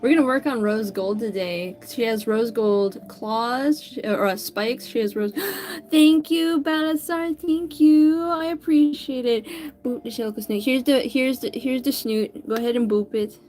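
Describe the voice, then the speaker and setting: Chatty high-voiced woman streaming her drawing. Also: fairly even intonation, moderate pace, few pauses, darkish tone. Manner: chatty, greets viewers by name; stumbles and corrects herself often. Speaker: livestreaming artist. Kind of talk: casual chat while drawing.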